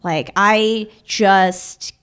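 A young woman telling a personal story in an animated, self-mocking way, full of filler words. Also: mid-range voice, extremely slow, smooth. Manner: animated, filler-heavy retelling with many "like"s; self-mocking, anxious narrating tone.

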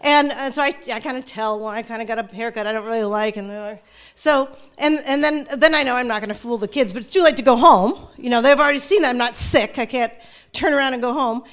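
Animated high-voiced woman storyteller. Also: quick pace. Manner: animated, self-mocking, frequent restarts. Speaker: storyteller, former teacher. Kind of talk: live personal storytelling.

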